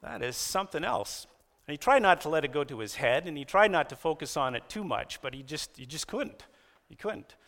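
A man delivering a sermon in a lively storytelling style, his voice sitting a little high. He jumps up in pitch when he quotes someone. A long reverb hangs behind him, as in a church hall. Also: a little fast. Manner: animated storytelling, raises pitch for quoted lines. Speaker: pastor.

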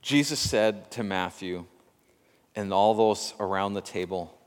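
A man preaching a sermon as pastor, reflective and measured, telling a story with pauses. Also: fairly low pitch, clean tone, big-room sound.

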